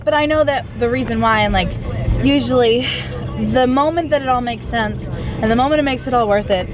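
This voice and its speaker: A woman's voice: a little high, a little fast. A young woman in a casual, chatty vlog, talking upbeat and exclaiming, filmed on a handheld camera in a car. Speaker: vlogger. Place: in a car on the road. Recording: clear road and traffic noise.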